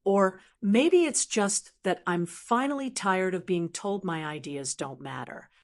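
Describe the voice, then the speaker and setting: A woman narrating a scripted first-person story in a steady, measured way. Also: medium pitch.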